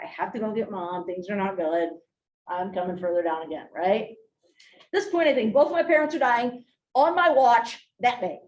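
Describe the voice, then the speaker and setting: A woman giving a training talk, telling a story in an animated way and speaking straight to the audience. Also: fairly high pitch, muffled recording. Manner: animated, laughing, addresses the audience directly. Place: large room with an audience. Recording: echoey room, voice from a distance.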